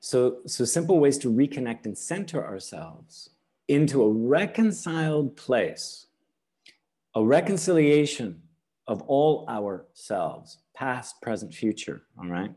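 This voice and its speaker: Unhurried man presenting a webinar. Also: medium pitch, animated, mellow. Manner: unhurried, checks in with "all right?" and "okay?". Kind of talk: teaching webinar talk.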